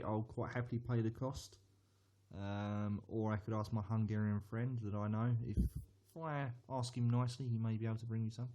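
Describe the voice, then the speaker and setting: A man's voice: medium pitch, dark tone. A man reviewing a beer on a live stream, chatty and hesitant, often repeating words as he answers viewers.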